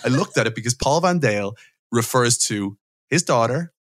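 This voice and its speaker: A man's voice: medium pitch, expressive, moderate pace, a bit bright. A man co-hosting an interview, talking with eager emphasis. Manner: enthusiastic, emphatic. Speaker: interview co-host. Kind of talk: casual interview chat.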